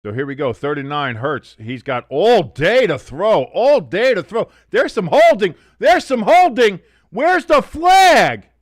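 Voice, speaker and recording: A man hosting a live sports watch-along, talking through the plays, swearing freely and arguing loudly with the referees' calls. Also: high-pitched, unhurried, few pauses, dry recording, studio quality. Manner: excitable, swears, argues with the referees.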